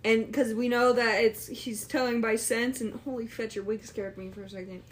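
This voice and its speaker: A woman's voice: fairly high pitch, steady tone, normal speed, a little hiss or hum. A woman playing in a tabletop game, playful and giggly as she describes her moves. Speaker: player. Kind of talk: casual tabletop play.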